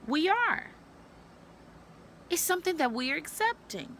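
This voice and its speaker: Blunt, bright-voiced woman telling her story. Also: sits high, sing-song, measured pace, slight background noise. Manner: blunt and profane, swinging between storytelling and preaching to women. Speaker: vlogger sharing a personal story. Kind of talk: candid storytelling vlog.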